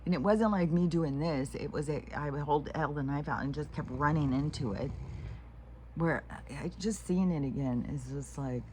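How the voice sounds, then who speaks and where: A woman's voice: deep voice, normal speed, mellow, a little hiss or hum. A woman talking to camera in a meandering, frank monologue, swearing freely and often restarting her sentences. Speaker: vlogger. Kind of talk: rambling casual monologue.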